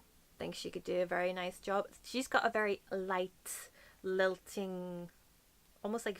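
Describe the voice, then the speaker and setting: A woman's voice: medium pitch, a bit bright. A woman from Northern Ireland with a light Northern Irish accent, chatting casually to camera as a book vlogger, gushing and playful with whispered asides.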